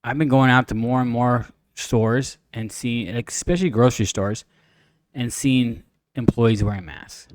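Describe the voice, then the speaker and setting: A man co-hosting a casual podcast chat, animated, breaking into raised voices when he imitates people. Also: mid-range voice, normal speed, no room sound, clean studio sound. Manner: animated storyteller, mimics others in raised voice. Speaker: podcast co-host.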